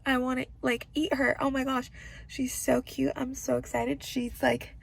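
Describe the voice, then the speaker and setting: A woman vlogging from a hospital room as a pregnancy vlogger, chatting to camera in a bubbly, gushing, excitable way. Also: high voice, unhurried, creaky, a little hiss or hum. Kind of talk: casual chat to camera.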